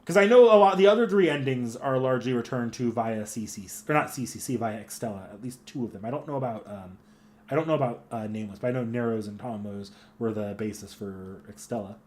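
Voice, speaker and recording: A man casually commenting while playing a game, rambling and thinking out loud. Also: mid-range voice, a little fast, hardly any pauses, slight background noise. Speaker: anime club host playing a game. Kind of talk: casual let's-play commentary.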